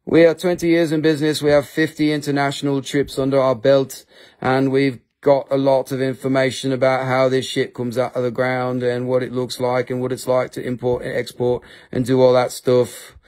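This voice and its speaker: A man hosts a live sales stream for rocks and crystals. He chats in a loose, rambling way, swears freely and jokes with viewers. Now and then he jumps into a squeaky mock voice to quote people. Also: monotone, moderate pace, a little mellow. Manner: rambling, profane, joking, with high-pitched mock quotes. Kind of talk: casual live-stream selling chat.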